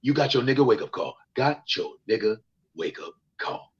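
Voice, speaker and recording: A man's voice: medium pitch, lively intonation, normal speed, lo-fi sound. A male comedian in a casual livestream chat, ranting and swearing with lots of repetition over a remote call. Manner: profane, ranting, repeats himself. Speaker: comedian guest.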